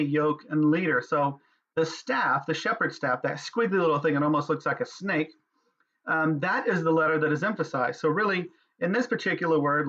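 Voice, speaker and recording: Earnest man teaching, slightly high voice. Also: a bit bright. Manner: earnest, measured, with pauses and fillers. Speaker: spiritual teacher. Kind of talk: spiritual teaching talk. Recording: dull lo-fi sound.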